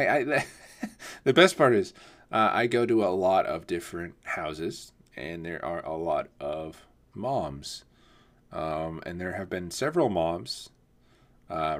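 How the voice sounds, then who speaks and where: A man's voice: low-pitched, a bit bright. A man rambling in a casual solo podcast, swearing often and laughing at himself. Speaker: podcast host. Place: home, not on camera.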